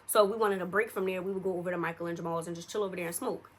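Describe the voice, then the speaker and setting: A woman's voice: fairly low pitch, fairly even intonation, racing. A young adult woman telling a story in a casual, chatty way, speaking straight to her viewers with plenty of slang.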